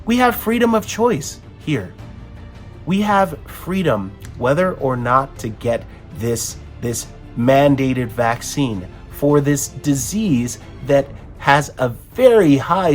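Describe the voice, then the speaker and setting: A man's voice: mid-range voice, expressive, slow, soft background music. A man hosting an opinion commentary, talking emphatically with frequent restarts. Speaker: host.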